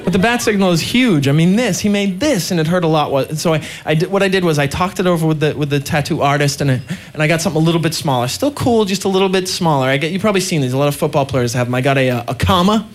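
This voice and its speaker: A man performing a stand-up routine, telling self-mocking stories in an animated way. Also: fairly high pitch, quick pace, hardly any pauses. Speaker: stand-up comedian.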